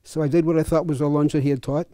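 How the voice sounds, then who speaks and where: A man's voice: a little high, fairly even intonation, very fast, mellow, slight background noise. An older man and fencing coach, telling chatty, chuckling anecdotes at a clinic. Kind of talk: casual anecdotal storytelling.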